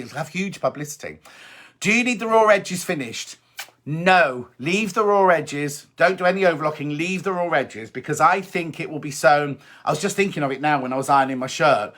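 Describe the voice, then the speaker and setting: A man's voice: on the high side, fairly bright tone. A man hosting a sewing live stream from home, chatting and reading out viewer comments in an upbeat way. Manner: chatty, upbeat, repeats points, reads comments aloud. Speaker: sewing show host.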